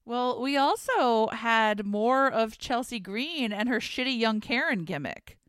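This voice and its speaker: A woman's voice: on the high side, expressive, fairly bright tone, smooth, no room sound, studio quality. A woman co-hosting a podcast, chatting casually and wryly about wrestling and laughing easily. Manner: chatty, wry, quick to laugh. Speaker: podcast co-host. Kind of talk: casual wrestling recap chat.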